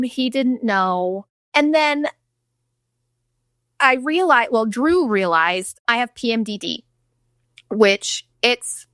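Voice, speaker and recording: A woman's voice: on the high side, sharp tone, dry recording, studio quality. A woman in her thirties hosting her own show, telling a personal story bluntly, with profanity and acted-out quotes. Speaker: podcast host. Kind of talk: candid storytelling monologue.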